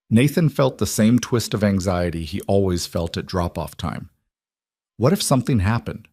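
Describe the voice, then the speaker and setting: Low-voiced man narrating a story. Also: a little mellow, no echo, studio quality.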